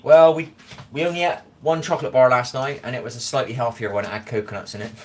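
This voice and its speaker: Recorded at home on a phone with a little hiss or hum, a tired West Country livestream host chats and rambles, reading names from the chat aloud. His mid-range voice has fairly even intonation and a fast delivery.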